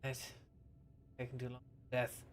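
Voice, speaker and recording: A man's voice: mid-range voice, monotone, a little slow, slight background noise. Profane, playful man at a game table. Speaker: player. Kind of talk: tabletop role-play in character.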